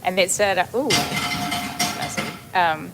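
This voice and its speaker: A woman's voice: on the low side, takes it slowly, very noisy. A woman co-hosting a casual cooking livestream from a home kitchen, playful and teasing. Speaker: co-host.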